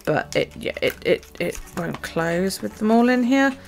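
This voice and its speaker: A woman chatting casually about her journal and her chores, rambling with many pauses and ums. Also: mid-range voice, lively intonation, creaky, soft background music. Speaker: journaling vlogger. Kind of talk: casual chat.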